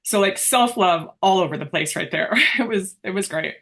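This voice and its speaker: A woman's voice: medium pitch, moderate pace, gravelly, fairly bright tone. A woman in a group call, talking on her phone, sharing openly and emotionally, getting teary at times. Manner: open, emotional, tearful at times.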